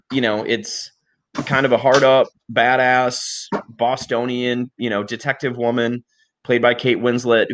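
In casual podcast chat, a young male co-host rambles through long, animated stories with plenty of profanity. His voice is mid-range, and a little background noise can be heard.

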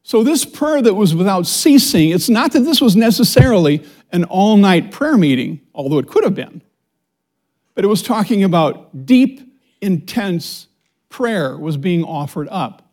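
A middle-aged man teaching a church Bible study as associate pastor, reading scripture slowly and preaching with calls to the congregation. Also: high-pitched. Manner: animated preaching with audience call-and-response; reads scripture slowly and deliberately. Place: church sanctuary before a congregation.

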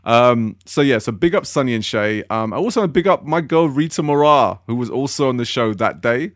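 A man's voice: mid-range voice, expressive, fairly quick, no room sound, studio quality. A man from West London with a London accent, co-hosting a podcast in joking, slangy, rambling chat. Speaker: podcast co-host. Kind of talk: casual chat.

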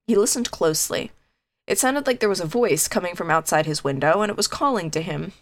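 A woman co-hosting a podcast, reading a spooky children's story aloud in a casual, animated way, slowing down for drawn-out groans. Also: lowish voice. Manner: animated, reads with dramatic slow groans, laughs easily. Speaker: podcast co-host.

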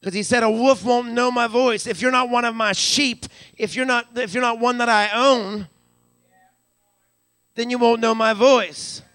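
A man's voice: very high-pitched, steady tone, moderate pace, hardly any pauses, pushed and bright, dry recording, studio quality. A man preaching a live church sermon as pastor, stammering repeats as he builds and calling out hallelujah. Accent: Western Pennsylvania. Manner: repeats words when building up, calls out hallelujah. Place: church sanctuary.

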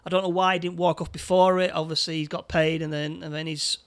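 A man with a fairly high voice talks through a film scene by scene in casual chat. He stumbles often, repeating words and padding with fillers as he goes. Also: level tone, fast, fairly bright tone. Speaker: podcast co-host.

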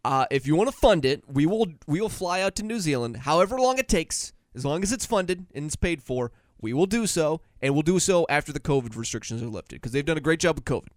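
A man's voice: a little high, lively intonation, brisk, few pauses, no echo, studio quality. A man hosting a casual comedy podcast, teasing his co-host and rattling off fun facts.

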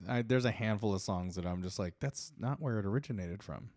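A man's voice: fairly low pitch, fast, darkish tone, no echo. A young man co-hosting a casual podcast chat, laid-back and sweary with sarcastic asides. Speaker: podcast co-host.

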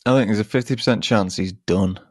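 A man with a fairly low, slightly mellow voice talks a little fast as he co-hosts a podcast, sharing a story in casual chat. He laughs a lot and mimics the voices of the people he describes. The studio sound is clean, with no room sound.

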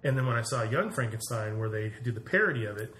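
Fast-talking joking man, roomy sound. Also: mid-range voice, lively intonation, fairly bright tone. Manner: quick, joking, laughs often. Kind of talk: casual chat. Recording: roomy echo with faint noise.

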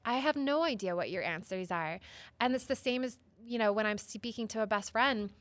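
Expressive woman therapist, dry sound. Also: fairly high pitch, fairly quick, dry recording. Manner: expressive, acts out quoted voices, many "like" and "right?". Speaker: psychotherapist guest. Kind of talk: storytelling in an interview.

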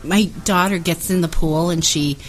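A woman's voice: on the low side, fairly even intonation, moderate pace, soft background music, rough recording. A woman chatting as a guest on a radio show, laughing along with the hosts. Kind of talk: casual radio chat.

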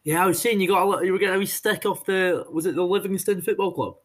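A man's voice: sits high, fast, slightly rough. A man with a Scottish accent from Inverness with some Edinburgh twang, co-hosting a casual podcast with brief, dry replies. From Scotland. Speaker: podcast co-host.

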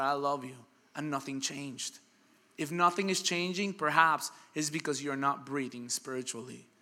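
A middle-aged man preaching a sermon, energetic and emphatic, acting out little quoted voices. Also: fairly high pitch.

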